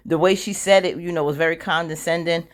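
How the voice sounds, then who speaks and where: A woman's voice: fairly low pitch, steady tone, a little fast. A woman giving a casual, opinionated recap of a TV drama, chatting freely and acting out bits of scenes as she goes.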